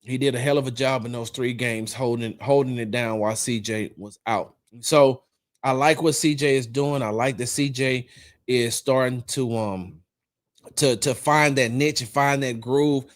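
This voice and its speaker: A man hosting a casual sports talk stream, riffing on games in an animated way and repeating his points for emphasis. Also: mid-range voice, moderate pace. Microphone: streaming setup, close mic.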